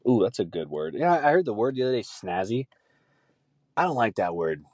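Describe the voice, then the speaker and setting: A man's voice: lowish voice, sing-song, a little fast, darkish tone, no echo, studio quality. A man hosting a podcast, ranting in a profane, casual chat and laughing easily. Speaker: podcast host.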